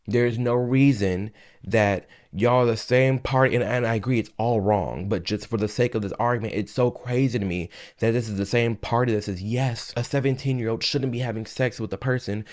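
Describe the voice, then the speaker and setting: A man's voice: medium pitch, a little mellow. A man giving heated opinion commentary on his own channel, arguing and firing off rhetorical questions. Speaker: commentary vlogger. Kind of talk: opinion commentary reacting to clips.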